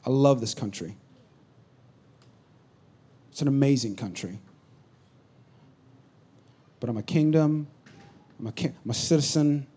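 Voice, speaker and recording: A pastor preaching a sermon, swinging from loud urgent bursts to low confiding asides. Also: male voice, unhurried, pauses often, slightly rough.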